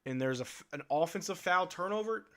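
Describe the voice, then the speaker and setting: Man, stream host, casual fan play-by-play, fairly high voice, blunt and slangy, forceful tone. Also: lively intonation, a little fast.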